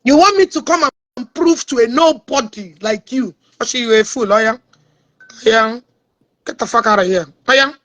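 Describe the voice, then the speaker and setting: A woman's voice: on the high side, normal speed, a bit bright. A Nigerian woman with an Igbo accent, delivering a mocking, confrontational social media rant that mixes English and Igbo.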